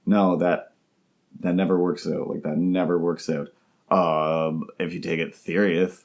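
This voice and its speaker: A man's voice: low voice, level tone, a little slow, vocal fry. A man hosting a comedy podcast alone, talking in a rambling, goofy way that keeps interrupting itself. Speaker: host. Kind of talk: comedic solo podcast monologue.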